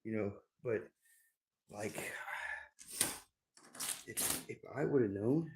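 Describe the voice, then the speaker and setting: A man's voice: fairly low pitch, expressive, very slow, noisy background. A middle-aged man rambling at home on a livestream, swearing often and repeating his words as he goes. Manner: rambling, profane, repeats himself. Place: at home indoors.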